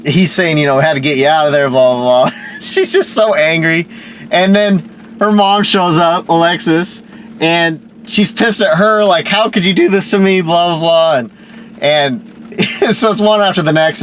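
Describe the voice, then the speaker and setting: A man's voice: medium pitch, slight background noise. A man casually recapping soap opera episodes as a show host, rambling and laughing often, acting out characters' lines. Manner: chatty, rambling, laughs often, quotes characters in lively voices.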